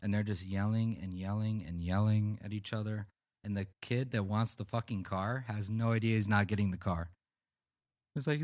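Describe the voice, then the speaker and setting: Low-voiced man telling rambling stories. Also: moderate pace, no echo. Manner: rambling, profane, animated anecdotes. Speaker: podcast co-host. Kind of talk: casual storytelling chat.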